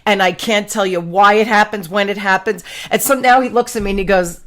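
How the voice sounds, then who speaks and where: Animated woman podcast host. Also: mid-range voice, fairly quick, hardly any pauses. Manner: animated storyteller, exclamatory, slangy. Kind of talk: casual chat.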